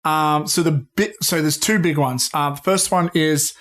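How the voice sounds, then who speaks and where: Brief: male podcast co-host, a touch high-pitched, excitable, profane, calls people "dude". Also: moderate pace. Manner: excitable, swears freely, says "dude". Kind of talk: casual pop-culture chat.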